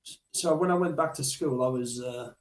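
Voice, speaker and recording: Reflective man telling stories, echoey room. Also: mid-range voice. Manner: halting, reflective, with many restarts. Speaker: guest. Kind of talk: storytelling in a podcast interview.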